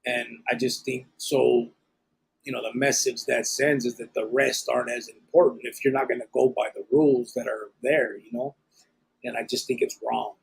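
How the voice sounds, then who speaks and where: A man's voice: mid-range voice, fairly even intonation, normal speed, vocal fry, slightly rough. A man hosting a live podcast in casual chat, plainspoken and slangy, mixing in Spanish words while he reads viewer comments. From Arizona. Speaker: podcast host.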